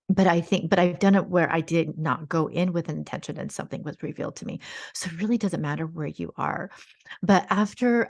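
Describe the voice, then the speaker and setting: Earnest woman, slightly low voice. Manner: earnest and heartfelt, with frequent "like" fillers. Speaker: podcast host. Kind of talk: personal story in a podcast conversation.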